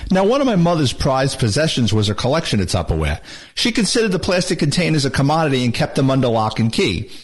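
Animated older New storyteller. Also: male voice, medium pitch, fast talker, breathy edge. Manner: animated, wisecracking. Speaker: retired police detective, storyteller. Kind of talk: comic storytelling.

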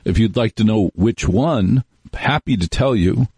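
Low husky male radio talk host. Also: measured pace, darkish tone, no echo. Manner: rambling, wry, storytelling with acted-out quotes. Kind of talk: casual radio monologue. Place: radio studio. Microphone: studio microphone.

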